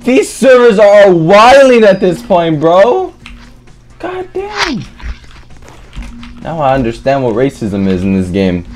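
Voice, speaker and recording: A man giving live gameplay commentary as a gaming streamer, excitable and trash-talking, swearing often. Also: high-pitched, takes it slowly, long pauses, faint music behind.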